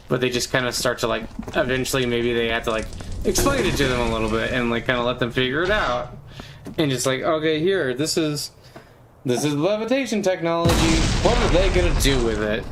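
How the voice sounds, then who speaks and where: On a casual gaming stream, a man rambles playfully with plenty of fillers, now and then breaking into squeaky, silly voices. His voice is a bit bright, and the recording is rough, with a little hiss or hum.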